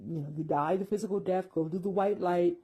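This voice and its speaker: A woman's voice: on the low side, fairly even intonation, fairly quick, dark tone, slightly rough, low-quality recording. A woman giving an emphatic, repetitive spoken monologue, dismissing claims with force.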